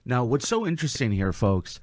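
A man's voice: mid-range voice, sing-song, fairly quick, a little mellow, no room sound, clean studio sound. A man hosting a podcast interview who backs the guest up with short replies and turns to talk straight to the listeners. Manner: brief affirmations, addresses listeners directly. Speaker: podcast host. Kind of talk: casual interview chat.

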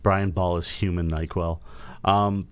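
A man's voice: low voice, fairly even intonation, a little slow, clean tone. A man hosting a radio talk show, teasing his co-host in casual banter. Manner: teasing, playful.

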